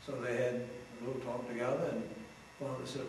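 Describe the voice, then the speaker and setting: A man's voice: medium pitch, fairly even intonation, a little fast, a little mellow. A man, an Episcopal priest, telling jokes as a TV guest in a genial, anecdotal way. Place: TV studio. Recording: roomy, distant mic, faint noise.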